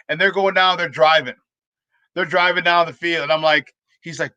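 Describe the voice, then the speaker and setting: A man hosting a sports talk show, telling rambling, animated stories full of restarts. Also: a little high, moderate pace, no echo. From Chicago. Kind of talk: casual sports talk storytelling.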